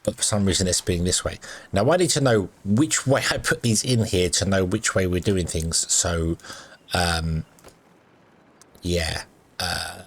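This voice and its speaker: A man's voice: low voice, normal speed, faint music behind. A man giving rambling, casual commentary while playing a game, full of ums and uhs and self-corrections. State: has the hiccups. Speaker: gaming video host.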